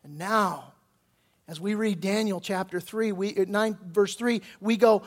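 A man pastor preaching a sermon with passion, his voice swelling loud and pleading when he quotes scripture and prayer. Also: sits high, a little slow.

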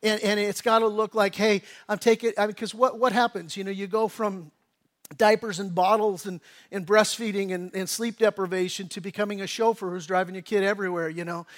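A man's voice: sits high, a little fast. A middle-aged male pastor giving a conversational sermon, telling stories and acting out quotes, often restarting and repeating his words. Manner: conversational storytelling with lively acted-out quotes.

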